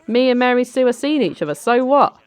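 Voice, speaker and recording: A woman voicing an easily offended boyfriend who turns whiny and shrill under attack. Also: expressive, a little fast, clear, resonant tone, no room sound, natural voice. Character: whiny indignant boyfriend, man.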